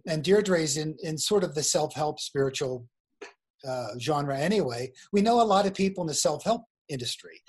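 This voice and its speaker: Here the guest author, a man with a slightly rough voice pitched on the high side, laughs and chats his way through a story while being interviewed. It's video call audio carried over weak wifi.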